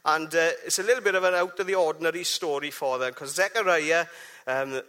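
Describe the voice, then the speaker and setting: A man's voice: a little high, brisk, bright, forceful tone. A man giving a chatty, jokey church talk, often asking the congregation questions. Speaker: preacher.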